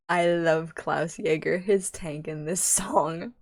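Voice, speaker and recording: A young woman giving excitable reaction commentary as a YouTuber, giddy and rambling, often squealing and laughing. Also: lowish voice, slow, soft background music. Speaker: YouTuber reacting to fan videos.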